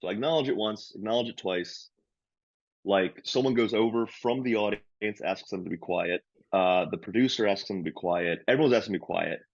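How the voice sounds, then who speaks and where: A man's voice: lowish voice, fairly quick, no echo, lo-fi sound. A man, a comedian and podcast co-host, telling a story in casual chat and acting out the lines of the people in it. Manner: animated storyteller, acts out quoted lines loudly.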